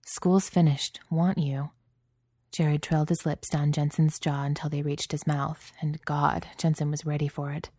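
A woman reading a story aloud in calm, even narration. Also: deep voice, moderate pace, few pauses, no echo. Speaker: audiobook reader.

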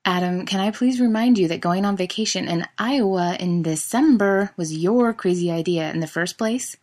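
A woman reading a story and voicing a calm, patient young man who speaks gently. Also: on the low side, moderate pace, natural voice. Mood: gentle. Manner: gentle, even, reassuring.

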